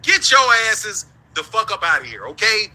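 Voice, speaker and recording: A man's voice: sits high, big pitch swings, normal speed, sharp tone, slight background noise, poor audio. A man from the United States hosting a show, ranting in heated, profane commentary and laughing between his points.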